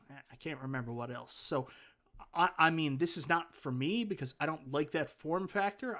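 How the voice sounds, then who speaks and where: Newfoundland guy doing a casual livestream, slightly high voice, excited and rambly, reads out chat comments. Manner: enthusiastic, rambling, thanks viewers warmly. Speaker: livestream host. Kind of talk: casual live chat, reading viewer comments.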